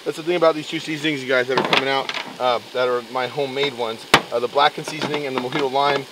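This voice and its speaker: A man chatting casually as he cooks outdoors, explaining each step in a relaxed way. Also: mid-range voice, fast talker, far from the mic, heavy background noise. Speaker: outdoor cooking vlogger. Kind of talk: casual cooking narration. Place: outdoors at a campsite.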